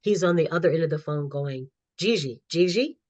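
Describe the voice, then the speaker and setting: Animated storytelling middle-aged woman. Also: deep voice, fast talker, no room sound. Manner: animated storyteller who laughs often. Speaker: guest, author and counselor. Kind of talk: personal storytelling in a podcast interview. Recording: slightly dull lo-fi audio.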